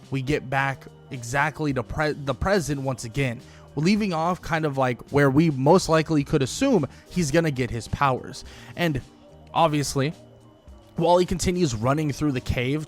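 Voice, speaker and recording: A young man casually recapping and commentating on a comic book, rambling loosely with lots of filler words. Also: a little high. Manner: loose and rambling, many "like" fillers, quotes characters in passing.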